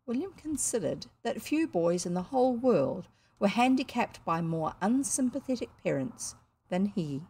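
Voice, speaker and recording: A woman's voice: medium pitch, very animated, moderate pace, gravelly, darkish tone, husky. A woman with a New Zealand accent reading a children's story aloud, adding chatty asides to listeners. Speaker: audiobook reader.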